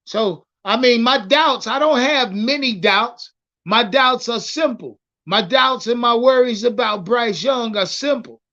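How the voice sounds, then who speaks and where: A man hosting a casual livestream about football, talking in an animated, profane way and repeating words as he starts his thoughts. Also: very high voice, measured pace, muffled recording. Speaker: livestream sports host.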